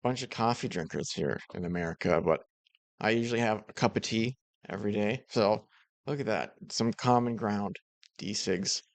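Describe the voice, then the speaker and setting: Low-voiced man giving dry commentary. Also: moderate pace, no room sound. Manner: relaxed, hesitant, chuckling asides. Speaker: streamer reacting to a clip. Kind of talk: casual commentary.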